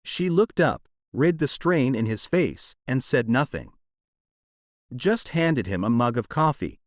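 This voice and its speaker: A man narrating a romance audiobook in a dramatic, expressive storytelling manner. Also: mid-range voice, unhurried, dry recording, clean studio sound.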